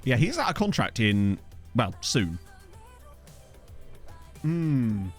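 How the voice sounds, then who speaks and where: A man's voice: medium pitch, sing-song, takes it slowly, faint music behind. A man chatting casually on a live game stream, self-mocking and laughing often, with hiccups. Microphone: desk USB microphone.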